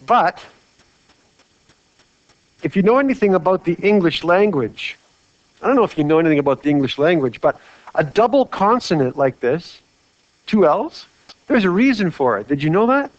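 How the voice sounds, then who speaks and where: A man's voice: high voice, very animated, moderate pace, pauses often, dry recording. A man teaching a lecture while drawing on a whiteboard, chatty and full of rhetorical questions. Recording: dry, dull lo-fi mic.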